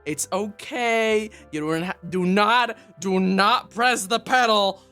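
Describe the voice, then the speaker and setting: A streamer mimicking a patient, firm driving instructor in a quieter, lower, coaxing voice. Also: slow pace, faint music behind.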